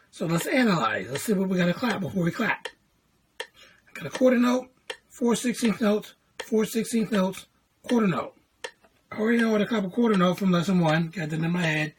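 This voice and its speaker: A woman teaches a music lesson to the camera, walking through note values step by step and counting in before she chants the rhythm. Her voice sits a little low. A faint hiss runs under the recording. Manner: patient explaining, counting in and chanting syllables. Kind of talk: classroom lesson video.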